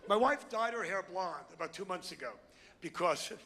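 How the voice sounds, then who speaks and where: A man's voice: sits high, animated, moderate pace, bright, forceful tone, in a large hall, a little hiss or hum. A middle-aged man doing a stand-up routine, ranting and insulting the crowd in a brash manner on a club stage. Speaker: stand-up comedian. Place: comedy club before a live crowd.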